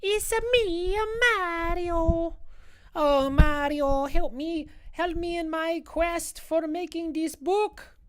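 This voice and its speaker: Cartoon plumber hero, squeaky-high, hammy Italian lilt, close and dry. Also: male voice, slow pace, dry recording. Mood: goofy. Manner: exaggerated sing-song Italian accent impression. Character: cheery Italian plumber hero, male, adult.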